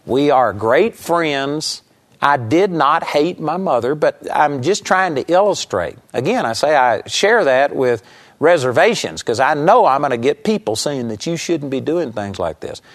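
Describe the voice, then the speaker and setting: A man's voice: on the high side, expressive. A man preaching a sermon and telling a personal testimony in an earnest storytelling manner. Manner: earnest storytelling, speeds up and slows down.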